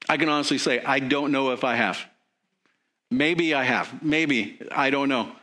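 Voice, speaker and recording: Slow, bright-voiced male preacher. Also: on the high side. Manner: earnest, conversational preaching with questions to the congregation. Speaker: pastor. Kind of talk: sermon.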